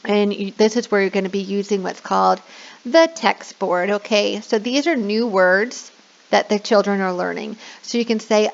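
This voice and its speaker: Woman, online teaching tutorial, mid pitch, frequent "okay?" check-ins, slightly muffled lo-fi mic. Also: fairly even intonation, moderate pace, vocal fry. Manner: demonstrates a bubbly, high, sing-song teacher voice for children; says "okay?" often, checking in. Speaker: online English teacher trainer. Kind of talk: screen-share tutorial.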